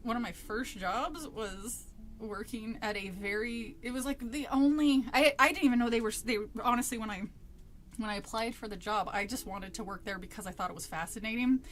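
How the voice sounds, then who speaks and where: A woman's voice: on the high side, fairly quick, a bit bright. A woman streamer casually telling a personal story, laughing often and swearing freely.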